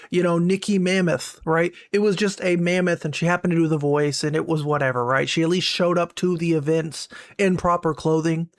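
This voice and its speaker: A man's voice: high-pitched, dry recording. A young man ranting in a sarcastic, mocking commentary voice. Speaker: commentary YouTuber.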